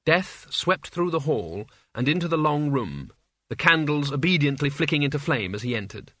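A man reading an audiobook as its narrator, in an even, measured storytelling manner. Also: fairly high pitch, no room sound, studio quality.

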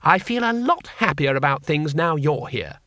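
A man's voice: fairly high pitch, sing-song, moderate pace, pushed and bright, dry recording, studio quality. A man voicing a timid, mild-mannered male tourist who talks in an earnest, apologetic way.

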